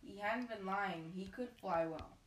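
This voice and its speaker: A woman reading a novel aloud in a lively, expressive way, often correcting herself, recorded at a distance in a roomy space. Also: mid-range voice, a little slow. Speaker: reader. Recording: roomy, distant mic, faint noise.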